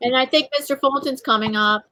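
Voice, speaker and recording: High-voiced chatty woman livestream host. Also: fairly quick, pushed and bright, no echo, rough recording. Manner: chatty, greets viewers by name. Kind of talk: casual live chat.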